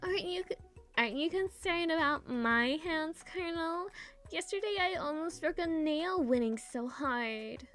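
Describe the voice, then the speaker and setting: A woman voicing a snobby young valley-girl rival in a high, preening, sing-song manner. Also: animated, a little slow, a bit bright, exaggerated voice. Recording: faint music behind.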